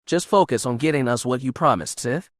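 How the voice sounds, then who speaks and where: A man's voice: mid-range voice, brisk, dry recording, studio quality, natural voice. A man voicing a stern young female Jedi in an audiobook, clipped and restrained. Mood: tense.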